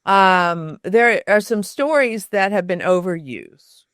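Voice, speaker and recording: A woman guest on an interview podcast, answering thoughtfully, pausing on many fillers and restarts. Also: mid-range voice, expressive, a bit bright, no echo, studio quality. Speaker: podcast guest, storytelling author. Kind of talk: conversational interview.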